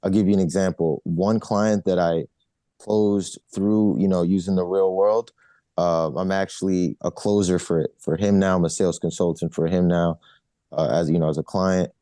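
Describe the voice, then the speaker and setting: Man, guest: very low, mellow voice, loose casual delivery full of "you know", dry sound. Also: normal speed, dry recording. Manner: relaxed, repeats "you know" and restarts often. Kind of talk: casual interview answers.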